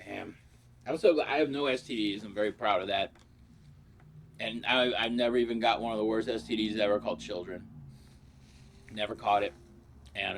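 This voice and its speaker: A man rambling through crude, profane comic stories in a casual vlog. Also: fairly low pitch. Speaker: comedy vlogger.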